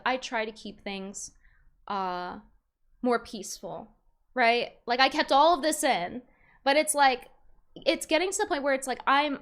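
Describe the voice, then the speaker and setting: High-voiced frustrated young woman streamer. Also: a bit bright. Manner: rambling, frustrated, many restarts. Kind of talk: casual stream commentary.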